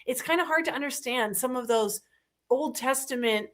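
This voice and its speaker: A woman with a high, light voice hosts a relaxed conversation about faith. She talks in bursts of animation, slipping into quick voices for the people she quotes. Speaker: host. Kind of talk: casual faith chat.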